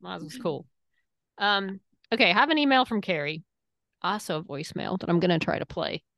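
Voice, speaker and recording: A woman co-hosting a podcast, chatting casually and reading listener mail in an animated way. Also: lowish voice, vocal fry, no echo, studio quality. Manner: animated, chatty, quick to laugh. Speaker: podcast co-host.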